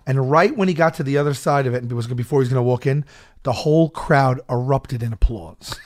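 A man telling a story in a casual chat, stammering and loudly acting out the people in it. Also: mid-range voice, fast talker. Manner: animated, acts out a shouting wrestler and his own stammering. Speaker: storyteller guest.

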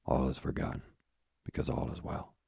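A man voicing a frail, gentle old father in an audiobook, speaking softly and wearily. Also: moderate pace, no echo, clean studio sound, lightly acted. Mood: gentle, weary.

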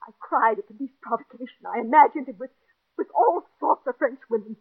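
A distraught, jealous wife. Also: female voice, a little high, expressive, a little fast, creaky, breathy edge, exaggerated voice. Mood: confessing. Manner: pleading, overwrought, breathless. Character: distraught jealous middle-aged wife, neurotic. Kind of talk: 1940s radio acting. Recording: tinny old radio broadcast.

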